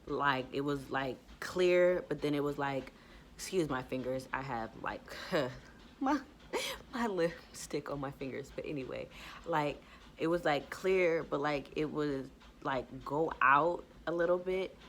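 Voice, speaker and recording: A woman's voice: sits low, unhurried, slight background noise. A woman podcaster telling a personal story to camera in casual chat. She rambles with many "like" fillers and acts out what she said back then. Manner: rambling retelling, full of "like" fillers; acts out her own past words.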